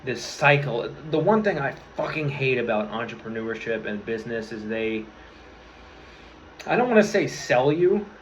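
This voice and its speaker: A man's voice: mid-range voice, very animated, normal speed, slight background noise. A young man in his twenties talking to camera, earnest and rambling, swearing freely and restarting his sentences. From New York area. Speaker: vlogger. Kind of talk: casual motivational talk to camera. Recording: slightly dull lo-fi audio with faint room ambience.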